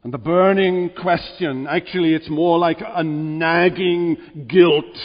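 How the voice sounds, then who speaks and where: A man preaching in a church, with a slightly high voice and an unhurried, deliberate delivery that rises to emphatic peaks. The recording sounds a little dull, and the church's reverb rings out behind him. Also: steady tone. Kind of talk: sermon.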